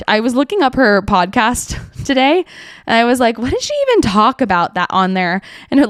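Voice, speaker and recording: A woman's voice: medium pitch, clean tone, no echo, studio quality. Chatty young woman hosting a podcast. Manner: chatty, filler-heavy, sarcastic asides. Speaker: podcast host. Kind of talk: casual solo podcast commentary.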